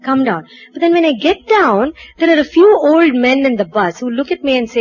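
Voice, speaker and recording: A woman from India, telling a personal anecdote in a lively way, acting out dialogue and laughing at herself. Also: high voice, moderate pace, highs cut off, a little hiss or hum. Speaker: storyteller. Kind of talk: personal anecdote told to an audience.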